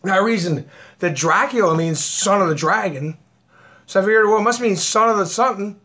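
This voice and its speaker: A man's voice: high-pitched, brisk, bright, forceful tone. A man vlogging in a rambling, combative way, laughing often and talking while eating. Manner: aggrieved, combative. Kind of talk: rambling live video chat.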